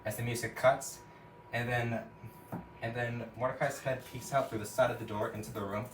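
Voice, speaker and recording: A man's voice: mid-range voice, little pitch movement, normal speed, fairly bright tone, a little hiss or hum. A man casually retelling a cartoon episode scene by scene, rambling with lots of "and then" and "like". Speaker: storyteller. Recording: echoey room, from a distance.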